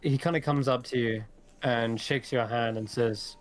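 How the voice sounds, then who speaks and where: A man's voice: mid-range voice, fairly even intonation, moderate pace. A man running a tabletop role-playing game as game master, describing scenes in detail and laughing easily.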